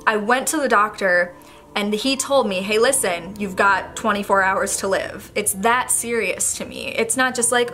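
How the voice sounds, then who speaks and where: A woman's voice: medium pitch, normal speed, fairly bright tone, slight background noise. A young woman speaking candidly to a camera on a tripod in her bedroom, rambling through an emotional confession. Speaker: vlogger. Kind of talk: personal talk to camera.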